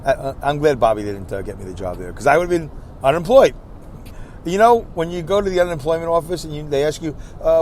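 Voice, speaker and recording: A man's voice: on the high side, big pitch swings, brisk, darkish tone. A middle-aged man, a podcast host and comedian, rambling through a joking, self-deprecating monologue and acting out the voices he quotes. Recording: faint background noise.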